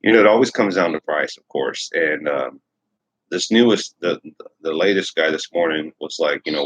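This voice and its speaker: A man's voice: a bass voice, normal speed, fairly bright tone, slightly rough, rough recording. A man hosting a casual livestream, rambling and repeating himself as he reads viewer comments aloud. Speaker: livestream host.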